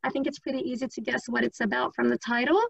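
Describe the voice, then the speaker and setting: A woman teacher giving an online training talk, quick and chatty, with many fillers and restarts. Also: a little high, steady tone, creaky, slightly rough, no echo. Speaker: English teacher presenting at a conference. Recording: dry, slightly dull lo-fi audio.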